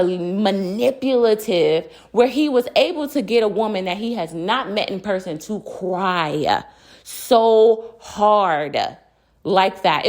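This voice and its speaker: A woman giving casual, animated commentary on a reality dating show, opinionated and full of slang and emphatic repetition. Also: medium pitch.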